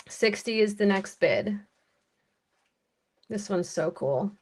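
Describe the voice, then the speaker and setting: A mid-range, slightly rough and somewhat mellow voice belongs to an American woman running a jewelry auction online. She keeps things chatty and unhurried while calling bids and going over each piece.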